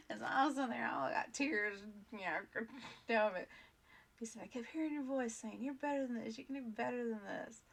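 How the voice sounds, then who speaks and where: A woman's voice: on the high side, vocal fry. A woman vlog host telling a personal story in a casual, earnest, rambling way, full of fillers and restarts.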